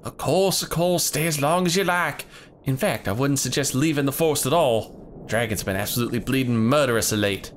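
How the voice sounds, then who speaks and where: A man's voice: medium pitch, a little fast, slight background noise, natural voice. A man voicing a hearty, gregarious older male hunter leader with a Southern US drawl. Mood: boisterous. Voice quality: folksy drawl. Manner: gregarious, loud. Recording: game music behind.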